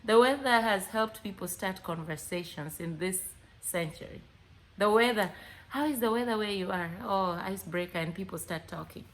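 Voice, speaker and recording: A woman with a Kenyan accent talking casually to camera, animated, acting out both sides of chats and mixing in Swahili words. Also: medium pitch, normal speed, slight background noise. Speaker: vlogger.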